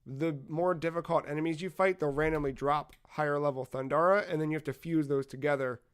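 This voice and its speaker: A man with a fairly high voice chats on a gaming podcast. He tells stories in an animated way and acts out the characters' lines. He swears casually. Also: a little fast, smooth. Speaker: podcast co-host.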